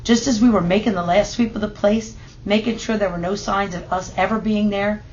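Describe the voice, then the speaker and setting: A woman reads a children's picture book aloud in a steady, measured way. Her voice sits at a middling pitch. The recording is a little dull, with a faint hiss in the background. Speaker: storybook reader.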